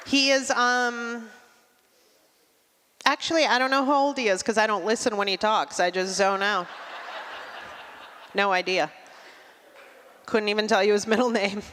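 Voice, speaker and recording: A middle-aged woman doing a stand-up comedy set, with a dry, deadpan delivery and quick asides. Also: medium pitch, a faint crowd. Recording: long hall reverb.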